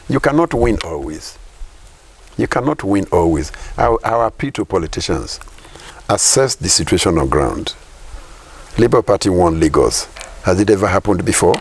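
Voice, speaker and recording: Emphatic Nigerian man, husky and gravelly. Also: on the low side. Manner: emphatic, repeats points, rhetorical questions. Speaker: professor and political commentator. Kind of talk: political interview.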